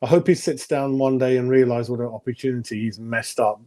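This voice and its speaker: A man talking football in a relaxed podcast chat, his voice mellow and dark. He is blunt and opinionated, handing out player ratings with little sympathy. He often chuckles at his own jokes. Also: medium pitch, fairly quick. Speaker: football pundit.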